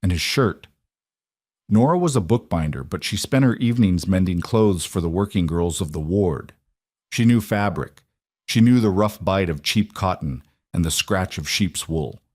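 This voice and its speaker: A man reading a historical romance audiobook with measured, dramatic storytelling. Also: low voice, expressive, a little mellow, dry recording. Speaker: narrator. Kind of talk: audiobook narration.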